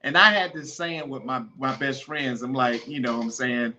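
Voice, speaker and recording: A man's voice: mid-range voice, normal speed, pushed and bright, highs cut off, a little hiss or hum. Laughing, slangy man telling stories. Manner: laughs often, repeats himself, slangy and playful. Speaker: podcast host. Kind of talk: casual storytelling monologue.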